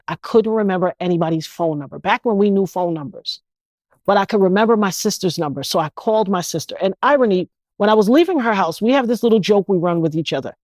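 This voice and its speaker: A woman's voice: fairly high pitch, no room sound. A woman from New York, an interview guest telling an emotional personal story with intensity and indignation, often restarting her sentences.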